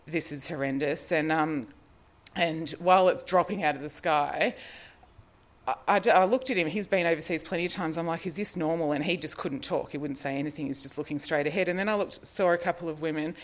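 Low-voiced Australian woman telling her story. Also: brisk. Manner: rambling, self-deprecating, laughs often, many fillers. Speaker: person in recovery sharing her story. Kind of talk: personal testimony, casual storytelling.

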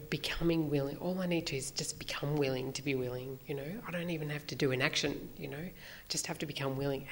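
A woman sharing her personal story at a recovery meeting, reflective and halting, with many fillers. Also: rumbling low, slight background noise.

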